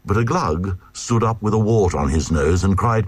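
A man's voice: low voice, expressive, normal speed, breathy edge, no room sound. A man giving a dramatic reading of a comic verse tale in a rhythmic, sing-song delivery. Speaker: reader.

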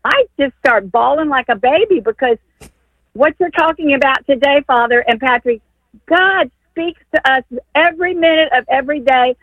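A woman's voice: high voice, normal speed, no room sound. A woman from Texas calling in to a radio show, telling her story eagerly and emotionally with lots of fillers over the phone. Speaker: caller. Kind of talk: call-in radio chat. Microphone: telephone. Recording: tinny phone line.

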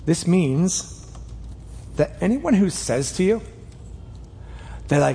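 A man preaching a sermon in a church, earnest and emphatic, speeding up and slowing down as he drives each point home. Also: high-pitched, sing-song, creaky, warm tone, big-room sound, slight background noise. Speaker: pastor. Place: church sanctuary. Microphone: clip mic.

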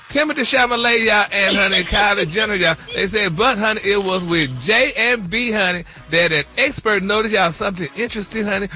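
A man's voice: high voice, pushed and bright. A man hosting a playful gossip segment, calling everyone honey and baby. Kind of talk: playful radio show banter.

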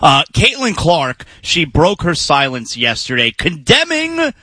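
A man hosting a sports radio show, chatting casually and drifting into quick asides at a studio microphone. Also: fairly high pitch, sing-song, pushed and bright, dry recording. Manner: conversational, trails into quick asides.

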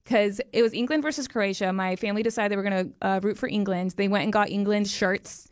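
A woman's voice: medium pitch, fairly even intonation, fast, smooth, no echo, studio quality. A woman co-hosting a radio morning show, telling a story in an enthusiastic, chatty way. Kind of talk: casual chat.

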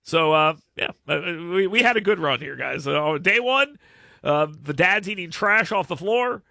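A man's voice: high voice, lively intonation, moderate pace, creaky, sharp tone, no room sound, clean studio sound. A man in his thirties hosting a casual talk show, telling rambling stories that make fun of himself. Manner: rambling, self-mocking storyteller. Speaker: radio show host. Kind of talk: casual chat with co-hosts.

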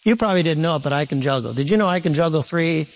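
A man preaching a sermon to a congregation in an animated, conversational way, repeating points and turning to asides. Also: fairly high pitch, rapid-fire, a little hiss or hum. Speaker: pastor.

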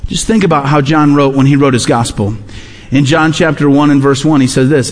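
A pastor preaching in a large church sanctuary. He is a man with a notably high voice, and he drives each point home by repeating it, sinking low at the close of his phrases. A long reverb from the hall trails behind every word. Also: normal speed. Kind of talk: sermon.

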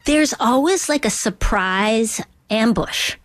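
A woman's voice: on the high side, lively intonation, takes it slowly, no room sound. A middle-aged woman from Duluth, a comedian chatting in an interview in a playful way that slips into little impressions and whispers. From Duluth, Minnesota. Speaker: comedian guest. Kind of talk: casual interview chat.

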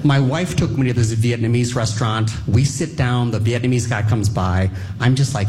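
A man performing a stand-up comedy set, telling a story with deadpan setups. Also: medium pitch, normal speed.

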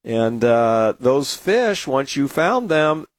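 A man's voice: medium pitch, big pitch swings, takes it slowly. A man with an American accent talks casually and tells stories at length, drifting off track and filling the gaps with "uh." His voice sits in an ordinary middle range. The sound is dry, with no room echo. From San Diego, USA. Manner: rambling, anecdotal storyteller with many fillers. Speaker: market commentator. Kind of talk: casual talk to camera.

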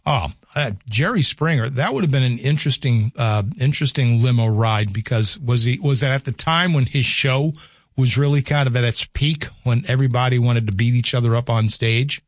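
A man's voice: medium pitch, normal speed, dry recording. A man hosting a call-in radio show with a scratchy voice, talking casually and correcting himself as he rambles. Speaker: radio host. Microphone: studio microphone.

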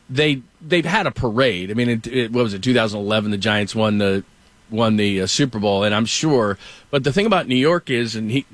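A middle-aged man talking sports on a show, in an easy, rambling style and at a middle pitch. He acts out what others said as he tells his stories. The room sounds close and dry. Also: fairly bright tone, no echo. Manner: rambling storyteller, acts out quotes. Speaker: sports radio host. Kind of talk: casual sports talk.

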